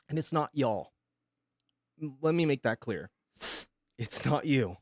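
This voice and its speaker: A male streamer, sick with pneumonia, making an emotional announcement in a halting, hesitant way and holding back tears. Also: medium pitch, expressive, a little mellow, no room sound, studio quality.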